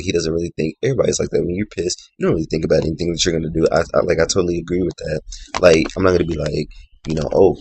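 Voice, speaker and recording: Deep, gravelly man rambling casually. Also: a little mellow, a little hiss or hum. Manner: rambling, opinionated, heavy on "you know" and "like". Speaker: reality TV reviewer. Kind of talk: casual video review.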